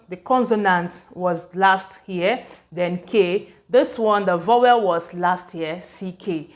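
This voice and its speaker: Woman teaching spelling rules slowly. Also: mid-range voice. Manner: explanatory, repeats words slowly, checks understanding. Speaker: English teacher. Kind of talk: spelling lesson at a board.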